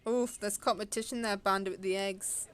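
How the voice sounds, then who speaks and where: A young woman streaming a game from her bedroom, chatting in a relaxed way and thinking aloud. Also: medium pitch, moderate pace, clean tone. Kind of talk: casual gameplay chat. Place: bedroom at home. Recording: game music playing underneath.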